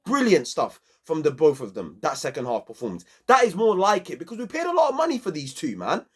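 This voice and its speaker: A man's voice: fairly high pitch, huge pitch swings, brisk, slightly rough. A young man, giving a passionate, slangy football match review on his own channel.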